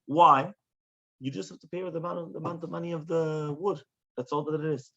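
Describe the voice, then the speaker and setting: A man, a rabbi, teaching a Talmud class in an animated way, often checking in with questions. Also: a little high, a little fast. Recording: dull lo-fi recording.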